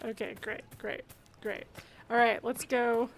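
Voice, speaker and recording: High-pitched woman streamer rambling thru her game, lots of laughing, faint music behind. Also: level tone, a little slow, vocal fry. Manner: chatty, self-narrating, laughs often. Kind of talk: casual let's-play commentary.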